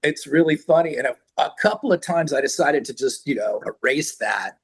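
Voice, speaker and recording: An older man with a husky voice speaks as an interview guest in a loose, conversational way. He rambles from story to story and acts out the sounds and voices he remembers, at a middle pitch. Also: lively intonation, fairly quick. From San Francisco Bay Area. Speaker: rock singer, interview guest. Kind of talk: casual interview chat.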